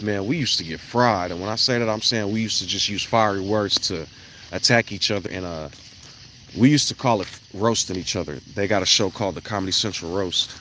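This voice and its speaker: A man, talking in a rambling, blunt monologue that swings into loud, emphatic bursts. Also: fairly low pitch, slight background noise. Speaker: vlogger. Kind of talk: casual monologue on an evening walk. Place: outdoors at night.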